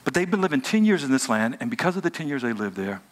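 A man preaching a lively, joking sermon in casual everyday speech and talking back and forth with a live audience. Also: mid-range voice, quick pace. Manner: animated, joking, colloquial, talks with the audience. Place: hotel event room before a live audience.

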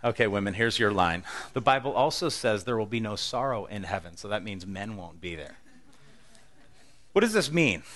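Deep-voiced pastor preaching. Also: male voice, fairly quick, few pauses, fairly bright tone. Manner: conversational, humorous, emphatic. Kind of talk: sermon.

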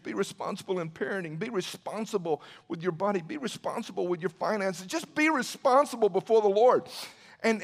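A male pastor preaching with fervent, repetitive emphasis. He builds to emphatic near-shouting and turns to address people by name. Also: a little high. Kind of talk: impassioned preaching talk.

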